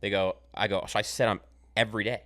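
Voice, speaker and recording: Fast-talking young man telling stories. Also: lowish voice. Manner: animated, profane, laughs through his stories. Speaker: podcast host. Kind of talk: casual podcast storytelling.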